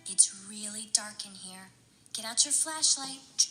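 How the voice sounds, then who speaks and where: A woman leading a children's storytime, chanting and coaxing her young listeners along in an animated, sing-song way. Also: mid-range voice, measured pace, soft background music. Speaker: children's librarian.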